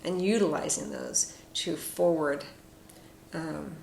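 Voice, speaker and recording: A woman giving a casual, reflective spoken tarot reading with frequent fillers and soft asides. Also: deep voice, slow pace, vocal fry. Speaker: tarot card reader. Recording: echoey room with faint noise.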